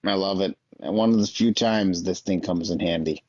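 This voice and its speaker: A man's voice: deep voice, moderate pace, darkish tone, no room sound, dull audio. A man from the US hosting a casual chat, laid-back and joking, swearing casually. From United States.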